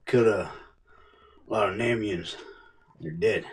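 A man playing a touchy, traumatized male war veteran in an improvised comedy sketch, muttering low and gruff and then breaking into panicked shouts. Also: measured pace, distant mic, close to an everyday voice. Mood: gruff, solemn.

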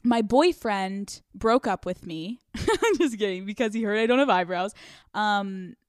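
A woman's voice: mid-range voice, lively intonation, measured pace, clear, resonant tone, no echo, studio quality. A young woman hosting a podcast in a casual confessional monologue, speaking candidly, swearing freely and laughing often mid-sentence. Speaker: podcast host.

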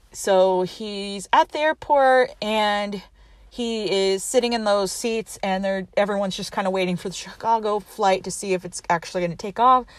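A woman casually retelling a movie plot in a chatty, animated way. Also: mid-range voice, dry recording. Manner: chatty, animated, quotes characters with voices. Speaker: movie recapper.

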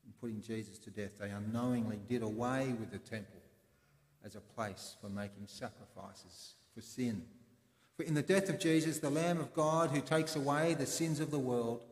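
A man preaching a sermon in a church, explaining in a conversational way with pauses. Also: medium pitch. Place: church in Sydney. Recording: echoey church with long reverb.

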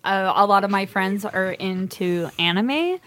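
A woman co-hosts a casual podcast, speaking with chatty, animated energy and frequent laughter. Her voice sits at a middle pitch. The sound is dry and close, with little room echo. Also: measured pace. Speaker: podcast co-host. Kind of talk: casual chat.

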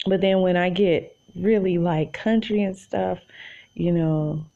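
A woman's voice: fairly low pitch, steady tone, measured pace, gravelly, mellow, dull audio. A woman from Tulsa with an Oklahoma accent, chatting casually to her podcast listeners from her bed and calling them y'all. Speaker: podcast host. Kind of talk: casual solo monologue.

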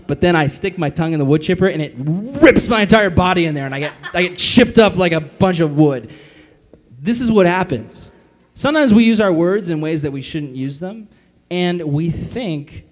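A fairly high-voiced man giving a lively, casual youth sermon to a room of kids. He jokes and slips into silly voices to act out the people he quotes. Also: moderate pace. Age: adult. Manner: animated, jokey, acts out quotes in funny voices. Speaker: youth pastor.

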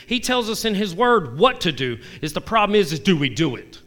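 A man with a bright, forceful voice sits down for a casual devotional chat. He is candid and self-deprecating and keeps asking his listeners questions. A somewhat high-pitched voice carries his scripture readings. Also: lively intonation, moderate pace, hardly any pauses. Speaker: devotional vlogger.

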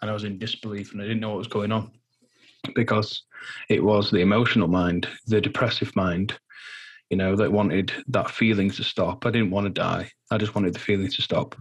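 A man giving a personal interview testimony in a halting, earnest way, full of fillers and restarts, sounding nervous. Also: lowish voice, level tone, breathy edge. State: nervous, anxious while speaking. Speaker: guest.

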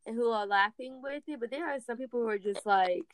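A woman's voice: fairly high pitch, brisk, crowd noise. A young woman co-hosting a podcast, chatting expressively and laughing a lot. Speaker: podcast co-host. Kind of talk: casual chat.

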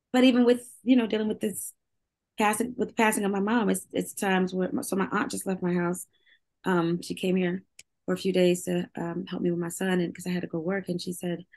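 A woman, a singer, talking candidly in an interview, open and emotional, laughing often as she speaks. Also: medium pitch.

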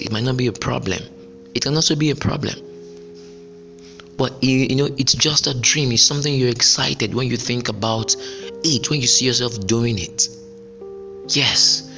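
A man's voice: medium pitch, vocal fry, bright, forceful tone, in a large hall. A man hosting a solo podcast and giving motivational career advice in an emphatic, repetitive, preacher-like way. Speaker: podcast host.

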